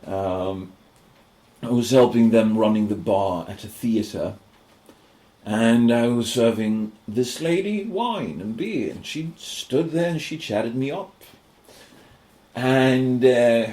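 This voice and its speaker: A man's voice: medium pitch, roomy sound. A man co-hosting a podcast, telling a story in casual chat, swearing often and acting out what people said. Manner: animated, swearing, acts out quoted voices. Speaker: podcast co-host.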